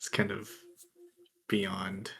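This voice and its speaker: A man playing his character in a tabletop game, speaking hesitantly with halting restarts. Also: lowish voice, completely flat delivery, a bit bright. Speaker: player.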